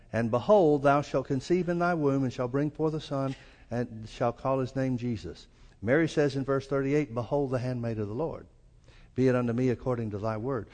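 A man with a Southern US accent preaching a sermon as pastor, folksy and acting out the quoted lines. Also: mellow. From American South. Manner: folksy, acts out quoted lines with rising pitch. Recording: long reverb of a church hall.

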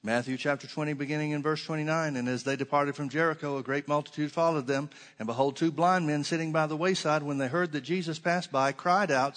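A man's voice: on the high side, fairly even intonation, fairly quick, few pauses. Man preaching with emphatic scripture reading. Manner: reads scripture aloud, rising to emphatic stresses, drops to soft asides. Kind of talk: sermon.

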